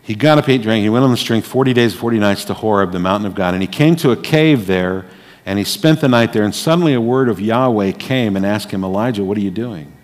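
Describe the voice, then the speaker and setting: A man preaching a sermon, dramatic, moving between hushed, quiet passages and loud, forceful lines. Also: fairly low pitch, quick pace. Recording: long hall reverb.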